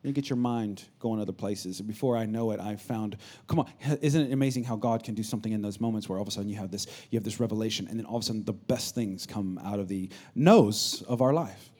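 A man in his thirties, a pastor, preaching a sermon with animated storytelling that swings between loud and hushed. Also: lowish voice, fast talker.

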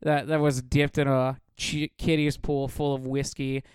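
A man co-hosting a casual podcast, an animated storyteller who laughs a lot and acts out loud quoted voices. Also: medium pitch, a little slow, clear, resonant tone, no room sound, clean studio sound. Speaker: podcast co-host.

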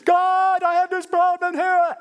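A man voicing an exasperated, complaining Moses in a dramatized sermon illustration, pleading in a high, loud voice. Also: monotone, unhurried. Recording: reverberant church hall.

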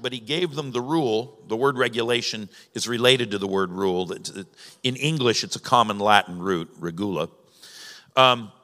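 Bright-voiced man preaching in a reverberant hall. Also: on the high side. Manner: teaching, conversational with emphatic rises. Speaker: pastor. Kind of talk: sermon. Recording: long reverb of a large hall.

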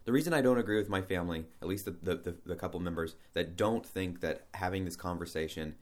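A man's voice: deep voice, fast. A man talking through a personal topic in a casual spoken monologue, rambling a little, restarting his sentences and asking rhetorical questions.

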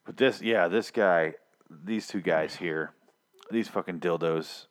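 A man's voice: sits low, slow pace. A man from Canada co-hosting a podcast, ranting in casual, profane, exasperated chat. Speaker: podcast co-host.

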